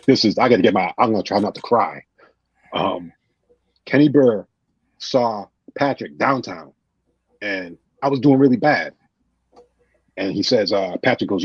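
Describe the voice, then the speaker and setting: Speaking a little slowly with long pauses, a man with a lowish, breathy voice and a New England accent tells casual stories as a podcast guest. He's animated and acts out his friends' lines. There's no room sound, and the audio is dull and lo-fi.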